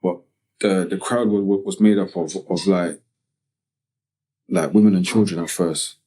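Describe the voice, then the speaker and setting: A man from Tottenham with a North London accent, telling a personal story as a podcast guest in slangy, halting speech full of "you get me" tags. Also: deep voice, fairly even intonation, dark tone, husky. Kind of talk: casual storytelling interview.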